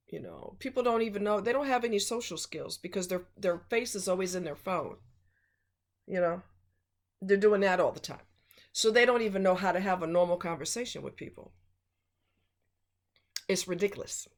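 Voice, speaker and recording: A woman's voice: medium pitch, lively intonation, normal speed, long pauses. A woman vlogger giving blunt relationship advice in a casual, emphatic monologue.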